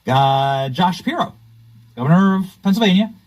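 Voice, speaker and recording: A man's voice: high-pitched, animated, moderate pace, dull audio. A man hosting political commentary, sarcastic and mocking. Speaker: commentary host.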